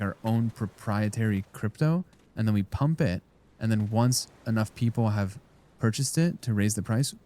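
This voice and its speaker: Male streamer, lower register, loose jokey rambling to chat between game moments. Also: mellow. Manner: rambling, joking, talks to chat. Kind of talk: casual live-stream chat while gaming.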